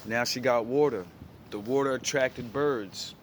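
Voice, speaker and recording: A man's voice: medium pitch, a little slow, slight background noise. A man casually retelling an old story in his own words, blunt and full of profanity and slang.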